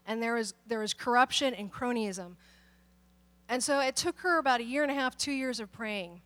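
A woman's voice: on the high side, moderate pace. A woman pastor giving a conversational sermon, telling stories and acting out the people in them. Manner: animated storytelling, acts out quoted people.

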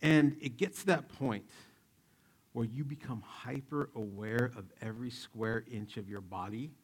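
A man in his forties preaching a sermon, telling stories in an animated, joking way and acting out the quotes. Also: medium pitch, unhurried, husky. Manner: animated, jokey, acts out quotes. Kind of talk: sermon with personal storytelling.

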